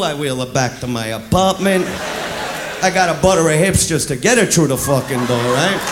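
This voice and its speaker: A man doing crude stand-up comedy, brash and loud, shouting his punchlines. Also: high-pitched. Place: live comedy club. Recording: echoey club with loud crowd. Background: audience laughter and noise.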